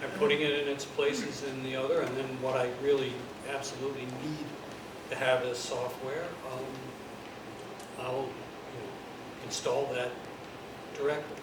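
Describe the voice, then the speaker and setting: A man's voice: mid-range voice, little pitch movement, unhurried. A man at a user group meeting, talking in a rambling, hesitant way. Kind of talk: casual chat. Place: office meeting room. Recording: distant echoey room, background noise.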